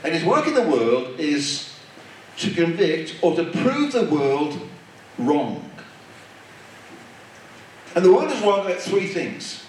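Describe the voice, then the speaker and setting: A man's voice: fairly high pitch, very animated, slow, pauses often, a little mellow, a little hiss or hum. A man preaching a sermon, with an emphatic, repetitive cadence. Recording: echoey hall, distant mic.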